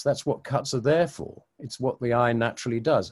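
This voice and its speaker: A man's voice: medium pitch, lively intonation, moderate pace, darkish tone, dry recording. An older man, a comedy producer, speaking as a guest in a casual podcast interview, telling anecdotes and jokes with a chuckle.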